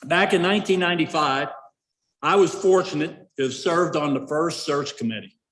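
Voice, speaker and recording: A man's voice: on the high side, normal speed, fairly bright tone, reverberant, in a large hall, poor audio. A middle-aged man giving a folksy after-dinner speech, full of fillers and restarts. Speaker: Rotary club member giving award introduction. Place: event hall.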